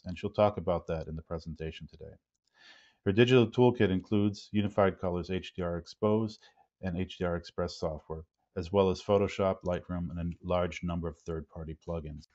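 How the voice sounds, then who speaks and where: A man hosting a webinar, reading a formal, measured introduction of a guest. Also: low voice, darkish tone. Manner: measured, formal, some ums. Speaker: webinar host. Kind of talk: read-out introduction. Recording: dull lo-fi webinar audio.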